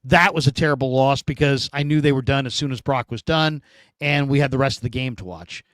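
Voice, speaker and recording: A man hosting a casual sports talk show, telling stories in an animated, emphatic way. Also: medium pitch, fairly quick, no room sound, clean studio sound.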